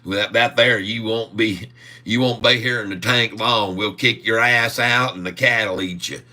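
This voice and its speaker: Give me a man playing a boisterous Southern redneck, folksy and bright-toned. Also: fairly low pitch, steady tone, measured pace. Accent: American Southern, put on. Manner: boisterous, laughs between lines, folksy drawl.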